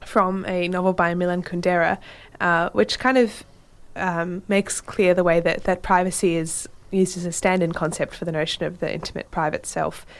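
A woman with a somewhat low voice co-hosting a thoughtful conversation. She speaks carefully and steadily, and reads a long passage aloud at a slow, deliberate pace. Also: steady tone. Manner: measured, careful, reads a long quote slowly. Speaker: podcast co-host. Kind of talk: casual academic discussion and reading aloud.

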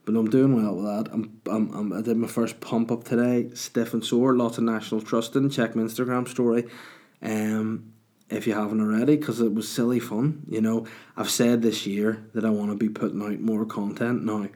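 A man's voice: on the low side, little pitch movement, moderate pace, warm tone. A man hosting a podcast, ranting in a sweary, mocking, exasperated way. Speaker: podcast host. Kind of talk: casual ranting monologue.

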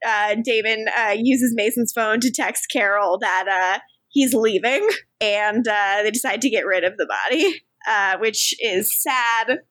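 A woman's voice: medium pitch, a little slow, fairly bright tone, no room sound. A woman co-hosting a podcast, recapping a show in casual chat, joking at her own expense and openly sentimental. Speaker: podcast co-host.

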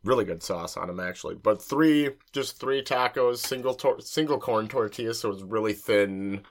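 Casting: young male co-host, lowish voice, loose rambling chat between bites. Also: moderate pace. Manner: rambling, lots of fillers, talks with food. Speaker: podcast co-host. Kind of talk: casual chat while eating.

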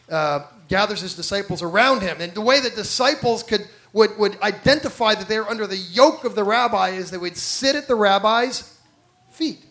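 A man's voice: sits high, a bit bright. A man preaching a sermon, telling stories animatedly and acting out the people he quotes, asking the congregation direct questions. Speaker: pastor.

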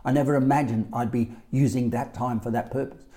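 Australian man, life coach, solo podcast, mellow and emphatic, repeats his points. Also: medium pitch, steady tone, brisk. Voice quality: emphatic, repetitive.

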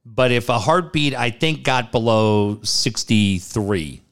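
A man's voice: slow pace, smooth. A man telling a personal story in a casual chat, acting out what people said with big jumps in his voice. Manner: animated, acts out quotes with big pitch jumps.

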